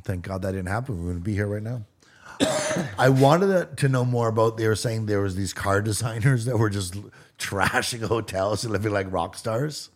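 A man with a Canadian accent co-hosting a podcast, speaking haltingly and often restarting his sentences. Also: lowish voice, animated, a little hiss or hum. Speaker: podcast co-host. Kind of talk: casual banter.

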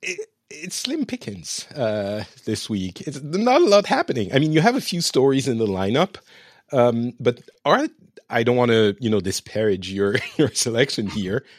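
A man's voice: medium pitch, very animated, moderate pace, no echo, clean studio sound. A man from France with a French accent, a guest co-host chatting casually with many hesitations and playful remarks. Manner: hesitant, filler-heavy, playful. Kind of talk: casual podcast chat. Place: home in the countryside.

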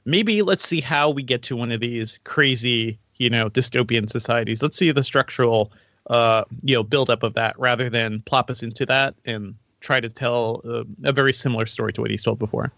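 Man, podcast co-host, bright tone, thinking aloud, slightly muffled lo-fi mic. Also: medium pitch, moderate pace, no room sound. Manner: thoughtful, many fillers and restarts. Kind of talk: casual film discussion.

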